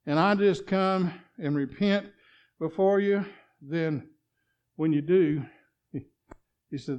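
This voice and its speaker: A man preaching a sermon, swinging between loud exclamations and quiet, chuckling asides. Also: on the high side, slow pace, long pauses, smooth, dull audio.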